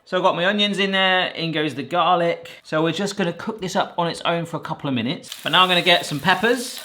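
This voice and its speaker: A man chatting cheerfully through a home cooking video. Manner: chatty, jokey, lively pitch. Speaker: cooking vlogger. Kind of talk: casual cooking narration.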